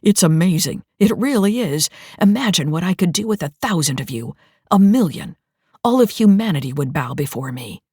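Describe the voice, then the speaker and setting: A man's voice: a little high, very animated, normal speed, slightly rough, no room sound, clean studio sound, heavily acted. A woman reading an audiobook, voicing a cruel male dictator who speaks in a smug, taunting way. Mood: smug menace.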